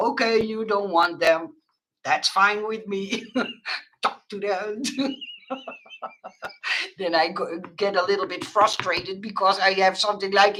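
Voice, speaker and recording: A woman's voice: mid-range voice, expressive, unhurried, pushed and bright, slightly rough, poor audio. A middle-aged woman hosting a craft livestream, chatting casually with viewers and laughing often. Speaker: craft livestream host reading viewer chat.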